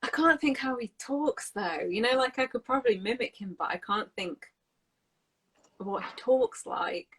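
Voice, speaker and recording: A woman's voice: on the high side, animated, moderate pace, fairly bright tone, slight background noise, low-quality recording. A woman in casual chat about accents, talking in a chatty way with many fillers and often laughing. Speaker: co-host, English teacher.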